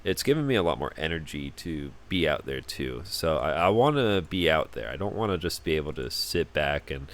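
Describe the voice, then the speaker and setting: A young man with a low voice talks through a casual solo podcast. His pitch jumps around a lot as he rambles and stumbles over repeated words at the starts of sentences. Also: very animated, moderate pace, hardly any pauses. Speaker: podcast host.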